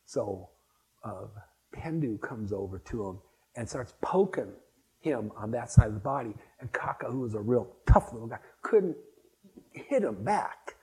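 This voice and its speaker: A man's voice: medium pitch, expressive, a little slow, warm tone, poor audio. An older man speaking to a spiritual gathering, rambling and anecdotal, with frequent restarts as he reminisces. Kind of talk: reminiscing talk to an audience.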